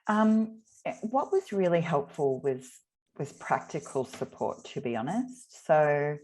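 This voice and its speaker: A woman, reflecting candidly in an interview, often pausing and restarting her sentences. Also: deep voice, animated, a little mellow. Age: 30s. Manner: reflective, halting, with many restarts.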